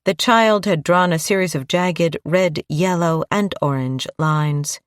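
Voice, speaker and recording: A woman narrating a crime audiobook in a steady, measured read on a close mic. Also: lowish voice, dry recording. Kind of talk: scripted narration.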